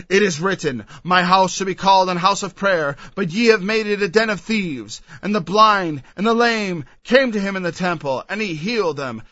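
A man's voice: high-pitched, sharp tone, dry recording, dull audio. A man preaching a Bible sermon, reading verses aloud and then explaining them with emphatic asides.

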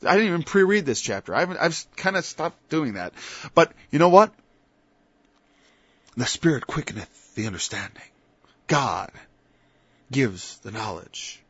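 A man's voice: medium pitch, sing-song, unhurried, pauses often, breathy edge, dry recording. A man preaching an informal Bible-study sermon. He talks conversationally, stops and restarts, then builds to emphatic peaks. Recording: dull lo-fi dry recording.

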